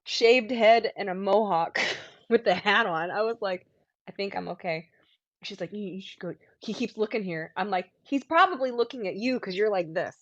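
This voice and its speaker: A woman's voice: medium pitch, normal speed, no echo, highs cut off. A woman in her thirties telling rambling stories in casual chat, acting out what people said. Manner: rambling storyteller, acts out quotes in lively voices.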